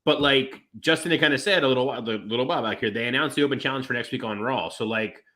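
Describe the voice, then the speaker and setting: A man co-hosting a podcast in casual chat, rambling with restarts and acting out quotes in animated voices. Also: mid-range voice, fast talker. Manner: rambling with many restarts and fillers. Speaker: podcast co-host.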